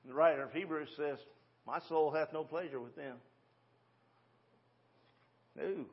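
The recording is lo-fi, and the preacher, a man in his sixties, speaks at a fairly high pitch without hurrying. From the sanctuary he gives a homespun, conversational sermon full of rhetorical questions.

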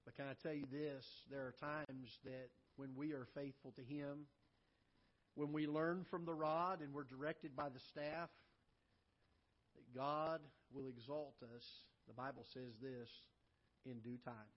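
A man preaching a sermon as pastor, swinging from loud emphatic lines to soft low asides. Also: fairly even intonation, a little slow, highs cut off. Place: church auditorium.

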